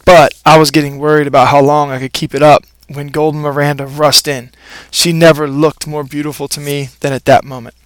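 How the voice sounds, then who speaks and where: Man, storybook narrator, playful expressive telling, fairly high voice, dry close sound. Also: a little fast, clean tone, no room sound. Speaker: audiobook narrator.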